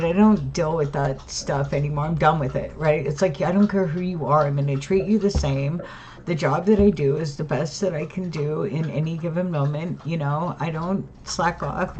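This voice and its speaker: This vlogger speaks in a low, darkish voice as she vents casually to camera at home. She sounds tired and rambles, with frequent restarts and "right?" tags. The sound is dull and lo-fi, with faint hiss or hum.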